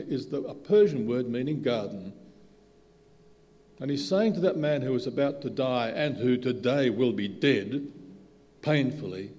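A man preaching a sermon, swinging between soft asides and loud, emphatic bursts. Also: medium pitch. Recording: hall reverb.

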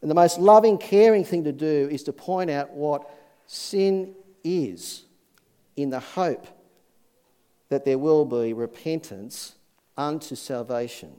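A man's voice: fairly high pitch, takes it slowly, dark tone, clean tone. Earnest man preaching. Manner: folksy, earnest, many fillers and restarts. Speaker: pastor. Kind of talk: sermon.

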